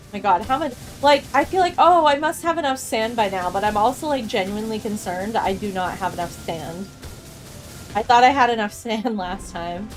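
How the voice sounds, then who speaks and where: Giggly woman in her thirties streaming. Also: fairly high pitch. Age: 30s. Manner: giggly and bubbly, laughs often. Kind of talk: casual gameplay chat with chat.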